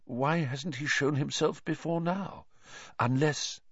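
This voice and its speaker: Calm, measured weary teacher, read by a man. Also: medium pitch, no room sound, highs cut off. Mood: strained. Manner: measured, quiet, restrained. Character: calm weary male teacher, gentle but firm.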